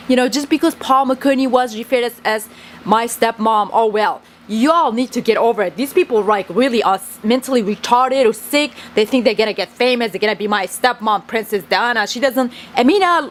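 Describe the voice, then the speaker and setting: A woman's voice: fairly high pitch, slight background noise. A woman whose first language is Kurdish, venting to camera in a rambling, agitated, swearing monologue that keeps circling back on itself.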